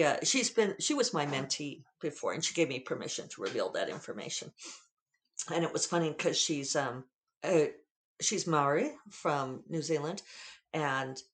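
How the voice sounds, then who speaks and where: Podcast host, Western US drawl, casual chat, candid, digressive, mid-pitched voice. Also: fairly bright tone. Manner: candid, digressive, freely profane.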